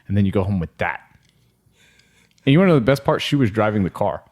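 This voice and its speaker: A young man co-hosting a podcast, telling a story in casual, profane, animated chat and acting out what people said. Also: fairly low pitch, fast, pauses often. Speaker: podcast co-host.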